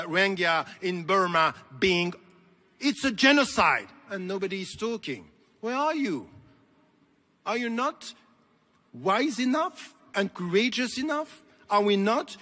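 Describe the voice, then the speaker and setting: A man's voice: high voice, sharp tone. Emphatic man in a reverberant hall. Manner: emphatic, repetitive rhetorical cadence. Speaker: convention keynote speaker. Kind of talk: impassioned public speech. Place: large convention hall.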